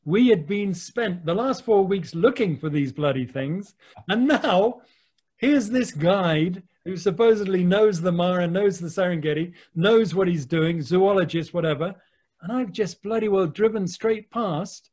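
An English man, a wildlife photographer, telling lively anecdotes with the odd mild swear word over a video call. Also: high voice, measured pace. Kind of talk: anecdotal storytelling.

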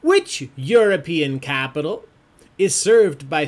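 A man's voice: medium pitch, lively intonation, a little slow, fairly bright tone. A man hosting an online trivia game, chatty and jokey, often laughing as he reads out answers. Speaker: trivia host.

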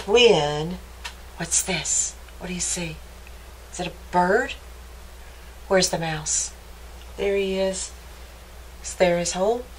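Slow-reading woman at library storytime. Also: on the low side, slight background noise, poor audio. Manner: asks the listeners questions, gentle and playful. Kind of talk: reading a picture book aloud to children.

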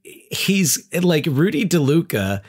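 Halting man podcast co-host. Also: fairly high pitch, big pitch swings, slightly rough. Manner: halting, many restarts and fillers. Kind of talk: casual chat.

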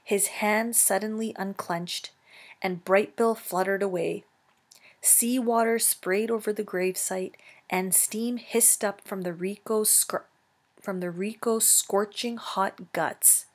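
A woman teacher reading a children's novel aloud, slow and careful, correcting herself now and then. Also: medium pitch, fairly even intonation.

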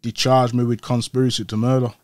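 A man tells his story in a casual interview, talking in street slang and retelling events with energy. His voice sits at an ordinary pitch and comes across close and dry, with no room echo. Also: flat delivery, fairly quick, a little mellow. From Old Trafford, Manchester, England. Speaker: interview guest.

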